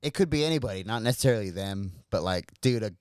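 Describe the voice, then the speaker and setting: A man's voice: lowish voice, fast, clean tone, no room sound. A man on a casual podcast, talking loosely, cursing often and calling people dude. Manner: animated, swearing a lot, saying dude. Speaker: podcast co-host.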